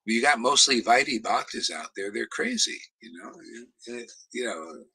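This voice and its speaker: Gravelly husky man, rambling chat. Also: mid-range voice, normal speed, no echo, poor audio. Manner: rambling, animated, acts out quotes. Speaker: spiritual teacher. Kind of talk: casual chat.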